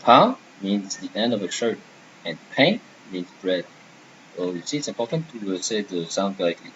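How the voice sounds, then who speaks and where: A man's voice: on the low side, a bit bright, dull audio, slight background noise. A man teaching a beginner French lesson, patiently repeating and modeling each word.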